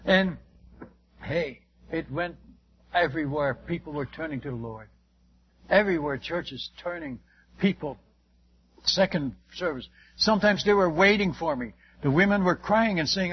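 An older man, a missionary preacher, telling stories in a sermon, animated and acting out the dialogue with frequent restarts. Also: on the high side, normal speed, husky, lo-fi sound. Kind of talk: sermon storytelling.

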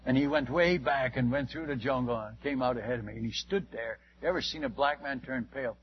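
An older man, a missionary, tells stories in an animated sermon, chuckling often and repeating his words. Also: mid-range voice, brisk, slight background noise. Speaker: missionary speaker. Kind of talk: storytelling sermon. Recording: dull lo-fi recording.

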